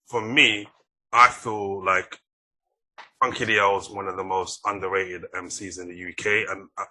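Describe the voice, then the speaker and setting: A man's voice: deep voice, fairly even intonation, moderate pace, sharp tone. A man from the UK talking casually as a podcast host, chatty and anecdotal, with plenty of "like". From United Kingdom. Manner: chatty and anecdotal, leans on the filler "like". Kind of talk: casual conversation.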